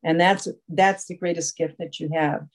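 Over a video call at a support group meeting, a woman tells a long, rambling personal story full of fillers as a recovery meeting speaker. Her voice sits low, with a steady tone and moderate pace, and the recording is rough.

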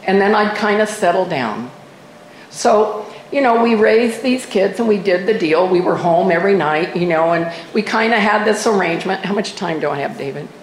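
A woman's voice: mid-range voice, lively intonation, moderate pace, echoey room, poor audio. An older woman sharing her personal story at a recovery meeting, candid and self-mocking with wry humor. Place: meeting room. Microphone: microphone at a podium.

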